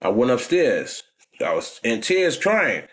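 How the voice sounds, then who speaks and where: With a sing-song, fairly bright mid-range voice, he talks slowly. The forty-something New York vlogger spins casual stories about his earlier life, peppered with street slang and repeated "you know what I'm saying."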